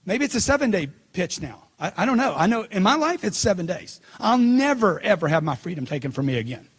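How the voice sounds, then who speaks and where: Middle-aged guy doing a motivational talk, high husky voice, punchy, repeats stuff for emphasis. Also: big pitch swings, fairly quick. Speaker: motivational speaker. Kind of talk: seminar speech.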